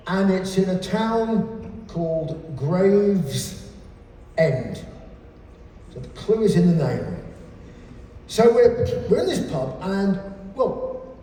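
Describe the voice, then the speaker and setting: An English man in his sixties tells sweary comic anecdotes from a stage. His voice is lively and fairly high, with a mellow tone. He is heard from a distance in a large, booming hall. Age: 60s. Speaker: keynote speaker. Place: large live venue. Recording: echoey hall from far off.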